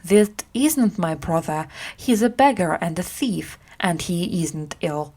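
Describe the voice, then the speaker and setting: A woman's voice: lowish voice, takes it slowly, a little mellow. A woman reading aloud and voicing a proud, stubborn boy king in a storybook.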